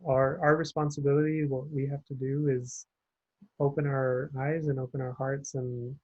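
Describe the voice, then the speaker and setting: A man leading a campus faith group on a video call, talking in a relaxed, reflective way and often restarting his sentences. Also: mid-range voice, moderate pace, dry recording. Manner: relaxed, searching for words, many restarts. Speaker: campus ministry group leader. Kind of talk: casual reflective talk. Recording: dull, dry, lo-fi.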